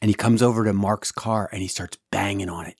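A man's voice: fairly low pitch, fairly even intonation, fairly quick, a little mellow, breathy edge, no room sound, studio quality. A man hosting a podcast, telling a story in a casual monologue, with many restarts and repeated words. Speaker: podcast host.

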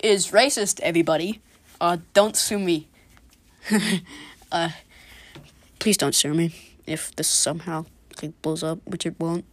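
A woman's voice: lowish voice, fairly even intonation, measured pace, long pauses, no echo. A woman hosting a solo comedy podcast, joking sarcastically with lots of swearing. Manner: sarcastic, profane, jokey. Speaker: podcast host. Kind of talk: casual comedic monologue.

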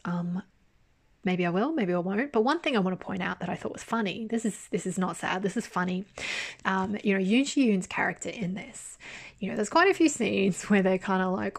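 Woman drama reviewer, casual chat, frank and lively, drops swear words, mid-pitched voice. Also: fairly quick, vocal fry. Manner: candid, animated, swears freely.

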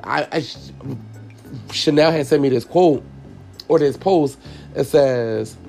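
Man, podcast host, gravelly voice, candid and profane, faint music behind. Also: a little high, slow pace, a little mellow. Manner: candid and profane, heavy on fillers, talks straight to listeners. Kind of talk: casual personal storytelling.

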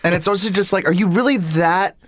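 Animated man telling stories. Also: high voice, fairly quick. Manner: animated storyteller, quoting others. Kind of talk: casual storytelling chat.

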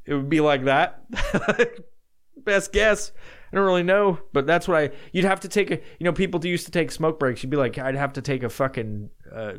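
A man's voice: a little high, moderate pace, smooth. A man hosting a solo podcast, rambling casually and swearing often while he answers odd questions, sometimes laughing at himself. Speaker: podcast host.

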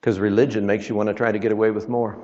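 In a church, a traveling preacher gives a folksy sermon full of jokes and scripture quotations. He speaks rapid-fire in a fairly low, flat, mellow voice. The audio echoes and has a dull, lo-fi quality.

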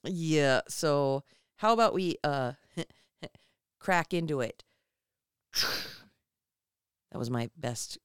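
Lively giggly woman podcaster. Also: deep voice, slow, clean tone, dry recording, studio quality. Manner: giggly, animated, swears casually. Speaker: podcast co-host. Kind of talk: casual chat.

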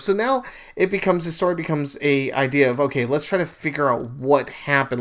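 A man hosting a podcast, casually retelling a scripture story and giving his views, emphatic and chatty with asides. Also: a little high. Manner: animated, emphatic, acts out quoted speakers; conversational with fillers and asides. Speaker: podcast host. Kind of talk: casual retelling and religious commentary.

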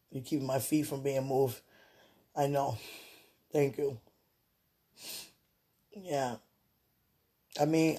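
A woman on a livestream, speaking aloud to God and a loved one in an emotional, prayerful monologue that swings between tearful and soft. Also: low-pitched, slightly rough.

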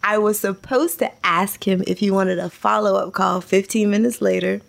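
A woman telling stories in casual chat, animated, laughing often and acting out what people said. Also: mid-range voice, moderate pace, gravelly. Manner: animated storyteller, laughs a lot, acts out quotes.

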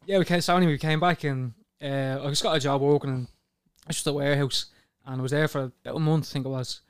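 A man's voice: fairly high pitch, fast talker, smooth, dry recording, clean studio sound. A young man, a guest in a casual chat, telling stories and acting out other people's voices. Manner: animated storyteller who acts out others' voices.

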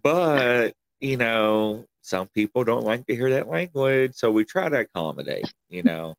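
A man's voice: mid-range voice, a little slow, creaky, no room sound. A man from Kentucky with a country accent, hosting a casual interview chat and telling stories with frequent chuckles. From Kentucky, USA. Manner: animated storyteller, chuckles often. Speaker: podcast host.

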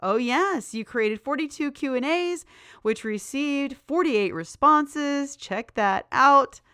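A woman's voice: high voice, lively intonation, slow, sharp tone, no room sound, clean studio sound. A woman hosting her own podcast in a bubbly, enthusiastic, chatty way. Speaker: podcast host. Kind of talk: casual solo podcast chat.

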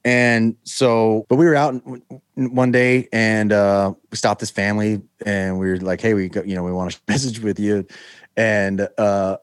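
A man's voice: on the low side, normal speed, smooth, no echo, studio quality. An American man telling a long story as a guest, acting out the voices of the people in it and rambling with lots of fillers. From United States. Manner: animated, acts out quoted voices. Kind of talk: casual storytelling.

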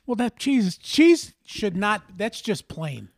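A man's voice: sits high, sing-song, slow, no echo, studio quality. A man co-hosting a casual comedic debate, blunt and sarcastic, heckling the other side.

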